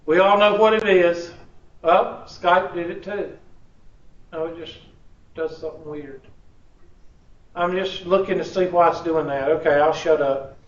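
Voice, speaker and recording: Man, college instructor, casual joking classroom talk, fairly high voice, echoey distant dull recording. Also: fairly even intonation, measured pace, long pauses. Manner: casual, joking, drawling with y'all. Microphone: room recording from a distance.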